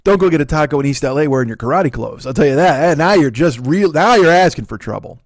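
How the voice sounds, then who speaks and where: A man's voice: a little high, lively intonation, quick pace, dry recording, clean studio sound. Profane middle-aged man with a Chicago accent. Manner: profane, loose storytelling with frequent fillers. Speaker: comedy podcast host. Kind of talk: rambling comedic monologue.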